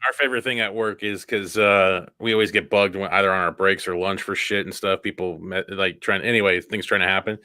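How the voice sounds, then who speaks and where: A man's voice: deep voice, steady tone, fairly quick, hardly any pauses, bright, forceful tone, clean tone, dry recording, clean studio sound. A man hosting a casual podcast, swearing freely and telling stories with animation. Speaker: podcast host.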